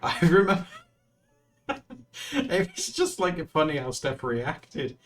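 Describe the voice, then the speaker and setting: A man's voice: on the high side, animated, slow pace. A man streaming live, chatting casually with his viewers in a teasing way and laughing often.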